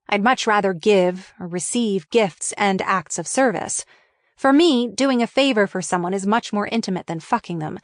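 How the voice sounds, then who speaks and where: A woman's voice: medium pitch, dry recording, studio quality. A woman reading her own memoir aloud for an audiobook, in a frank, wry and candid way.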